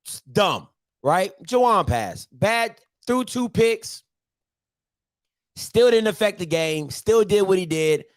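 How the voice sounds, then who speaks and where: A man's voice: high voice, expressive, slow, no room sound, clean studio sound. A man hosting a casual football recap, ranting and talking straight to his viewers. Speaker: sports show host.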